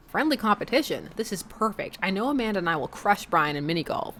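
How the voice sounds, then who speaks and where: A woman's voice: mid-range voice, sing-song, quick pace, few pauses, a bit bright. A woman chatting and joking as she plays a dating game, reading narration aloud. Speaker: streamer. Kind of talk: let's play commentary and reading game text.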